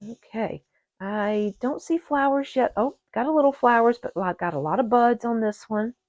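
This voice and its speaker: Excitable woman chatting at a table. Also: on the high side, moderate pace. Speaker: orchid channel host. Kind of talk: casual unboxing chat to viewers. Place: indoors at a table. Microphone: camera set on the table.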